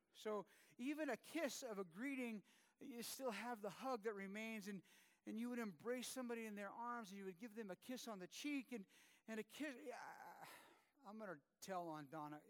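High-voiced pastor, casual sermon. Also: male voice, a bit bright. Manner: conversational, self-deprecating, with many fillers and restarts. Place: church.

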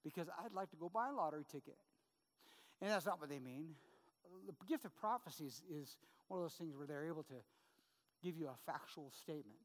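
A middle-aged man preaching a sermon as pastor, conversational and full of quick "right?" asides to the congregation. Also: a little high, lively intonation, long reverb tail.

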